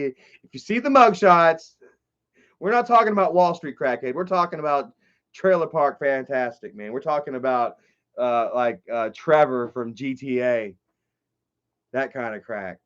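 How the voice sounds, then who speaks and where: A man hosting a casual livestream, reading chat and commenting in an excitable, profane way that swings from loud outbursts to low muttering. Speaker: livestream host. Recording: dull lo-fi stream audio.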